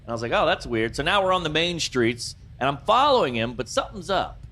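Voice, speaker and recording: A man from Louisiana, a comedian telling a wild story as a podcast guest, animated and bursting into yelled exclamations. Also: a little high, fast talker. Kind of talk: comic storytelling.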